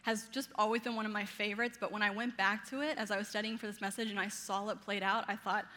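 A woman in her thirties with a Southern American accent, preaching a sermon energetically and playfully, laughing often and speaking fast. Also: mid-range voice, level tone, bright, forceful tone, long reverb tail. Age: 30s.

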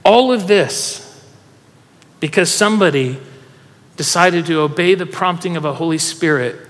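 A pastor with a high voice delivers a sermon in a large church hall, where a long reverb trails his words. He's an animated storyteller, speaking a little slowly and urging the congregation to join in.

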